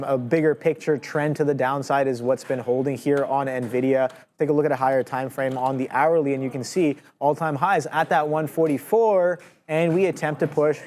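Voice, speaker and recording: A man's voice: on the high side, a little mellow. A man hosting a live trading show, casually walking through stock charts with frequent restarts. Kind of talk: live market commentary.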